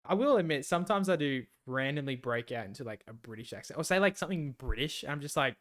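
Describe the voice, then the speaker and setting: A man's voice: mid-range voice, animated, fast talker, fairly bright tone. A man, co-hosting a podcast in casual, laid-back chat, swearing freely. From Australia. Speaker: podcast co-host.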